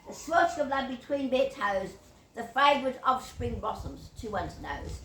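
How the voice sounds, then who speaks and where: A woman's voice: high-pitched, wildly swooping pitch, slow, fairly bright tone. An older Australian woman rambling through whimsical anecdotes with chuckles and digressions. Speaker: YouTuber. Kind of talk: rambling storytelling monologue. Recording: echoey room, distant mic, faint hiss.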